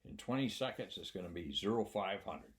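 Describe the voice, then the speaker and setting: A nervous young pilot in training reads out his opening in a stiff, formal way, as a man puts him on. The voice sits low. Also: expressive, fairly quick. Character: nervous young male student pilot giving a formal briefing.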